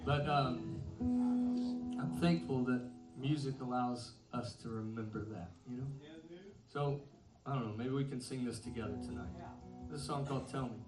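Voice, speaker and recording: A man's voice: medium pitch, steady tone, moderate pace, loud music behind the voice. Earnest man telling a story on stage. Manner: chuckling self-deprecating storyteller, earnest. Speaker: band singer on stage. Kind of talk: stage banter between songs. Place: live concert venue. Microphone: stage vocal mic. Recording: echoey live room, mic from a distance.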